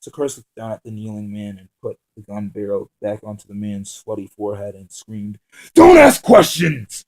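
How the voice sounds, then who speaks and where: Man haltingly reading his own story. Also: fairly low pitch, monotone, dark tone, poor audio. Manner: halting reading with frequent restarts and fillers.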